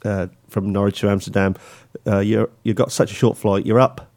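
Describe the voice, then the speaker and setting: A man co-hosting a casual aviation chat, soft-spoken and halting, full of ums and uhs. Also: lowish voice, flat delivery. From England. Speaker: co-host.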